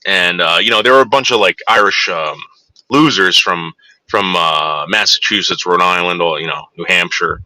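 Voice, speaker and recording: Brief: crude, digressive man in his forties, very bright tone, dry close recording. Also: deep voice, normal speed, no echo, low-quality recording. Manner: rambling, crude, digressive, frequent fillers. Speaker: storyteller. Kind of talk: rambling anecdote.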